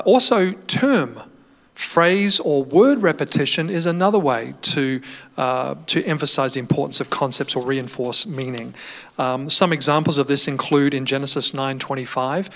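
A man's voice: a little high, a bit bright. Man teaching a Bible lesson. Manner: measured teaching with frequent fillers and restarts. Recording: reverberant hall.

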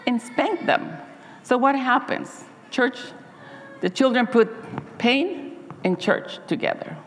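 A woman's voice: fairly high pitch, fairly bright tone, big-room sound, slight background noise. A woman Sabbath school teacher giving an earnest, heartfelt personal testimony to her church congregation, often restarting her sentences.

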